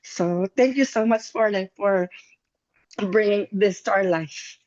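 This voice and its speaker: A woman telling an emotional personal story on a video call, halting and near tears, repeating herself as she speaks. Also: mid-range voice, a little mellow, lo-fi sound. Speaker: guest member sharing a story. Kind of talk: emotional testimonial on a group call.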